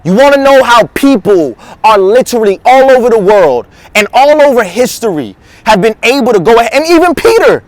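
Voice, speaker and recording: A male teaching pastor with a high voice preaches in a loose, slangy, conversational way. He slips into acted quotes as he teaches. The sound is dry and close. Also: sing-song, fairly quick, hardly any pauses, no echo. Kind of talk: casual sermon teaching.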